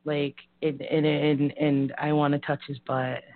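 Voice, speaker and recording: Her voice sits low and level as she co-hosts a casual live talk show, unhurried, with no room sound. She has a Boston-area Massachusetts accent and comes across as rambling, frank and giggly over tinny, phone-like audio.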